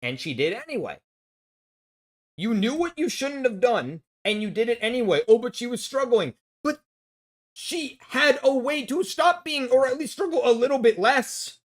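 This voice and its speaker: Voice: mid-range voice, big pitch swings, normal speed. A vlogger ranting in a casual film review, angry and blunt, swearing heavily and restarting when worked up.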